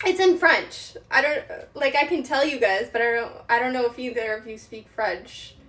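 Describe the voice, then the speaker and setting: Giggly high-voiced woman streaming from her kitchen. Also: moderate pace, a bit bright, recorded from a distance. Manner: giggly, rambling, lots of fillers. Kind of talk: casual chat while cooking. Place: home kitchen. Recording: roomy sound from away from the mic, faint background noise.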